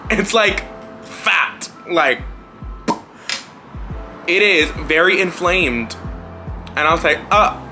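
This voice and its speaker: A man talks straight to camera in a relaxed storytime vlog, candid and a little wry, with the odd curse and laugh. His voice sits fairly high and sounds bright and forward. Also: takes it slowly, pauses often, soft background music. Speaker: vlogger. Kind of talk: casual storytime monologue.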